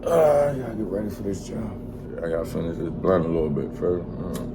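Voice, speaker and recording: Animated man telling a story. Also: low voice, fairly quick, heavy background noise. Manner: animated, slangy and profane, acts out quoted voices. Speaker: vlogger. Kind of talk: casual storytelling.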